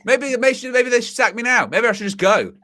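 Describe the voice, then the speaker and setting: A man's voice: extremely high pitch, expressive, a little fast, background noise, voice pushed up. A man doing an impression of a mopey, self-pitying male football manager, in a whiny, plaintive tone. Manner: whiny, plaintive, mock-despairing.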